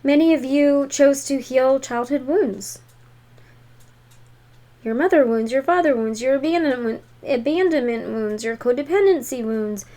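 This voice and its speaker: A woman's voice: high-pitched, unhurried, dark tone. A woman giving a tarot reading to viewers in an emphatic, encouraging way. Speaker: tarot reader.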